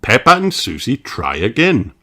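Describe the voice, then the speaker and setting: A reader narrating a children's picture book aloud in a slow, expressive way. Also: mid-range voice, a little hiss or hum. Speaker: storybook reader.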